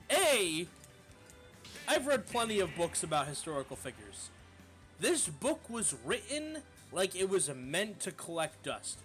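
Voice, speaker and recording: A man streamer telling a casual, profane story in an animated way, full of fillers. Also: a little high.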